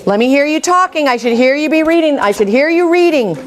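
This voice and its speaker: Brisk coaxing woman teacher in class. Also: sits high, lively intonation, slight background noise. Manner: brisk, coaxing, repeats prompts. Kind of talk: classroom writing lesson.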